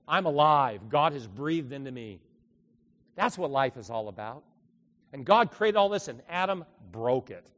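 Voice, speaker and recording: A middle-aged man preaching a sermon in a church, swinging between loud, fervent bursts and quiet, confiding asides. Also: mid-range voice, lively intonation, measured pace. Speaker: pastor. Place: church sanctuary. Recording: echoey church hall.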